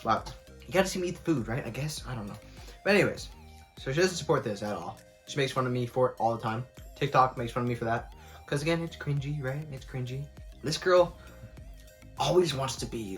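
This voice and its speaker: A man's voice: a little high, lively intonation, fairly quick, pauses often, a bit bright, soft background music. A young man vlogging casually while eating, talking candidly and rambling with lots of fillers, sometimes with food in his mouth. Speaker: mukbang vlogger.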